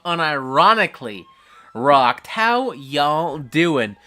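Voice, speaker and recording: A tipsy man runs a rowdy live stream, reading chat aloud in a bright, forceful voice. He talks at an unhurried pace and swears freely. His volume swings from low mumbling to hyped shouting. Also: lively intonation. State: tipsy, getting drunker. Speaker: livestream host reading chat.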